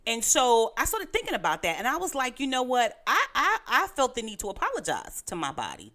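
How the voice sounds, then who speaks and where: A woman's voice: fairly high pitch, wildly swooping pitch, brisk, fairly bright tone. A middle-aged woman with a Brooklyn accent, co-hosting a casual podcast chat, teasing and laughing often. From Brooklyn, New York. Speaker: podcast co-host.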